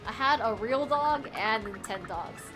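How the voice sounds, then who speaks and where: A young woman streaming a game, chatting casually with her viewers, bubbly and excitable, laughing often and squealing over dogs. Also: a little high, unhurried, music in the background. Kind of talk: casual gaming stream chat.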